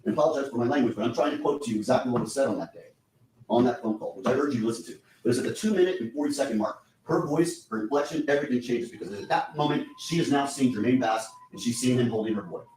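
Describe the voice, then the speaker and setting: Fast-talking man arguing to a courtroom. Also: mid-range voice, darkish tone, a little hiss or hum. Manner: urgent, insistent, repetitive. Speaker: defense attorney. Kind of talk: courtroom closing argument. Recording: echoey courtroom audio from a distance.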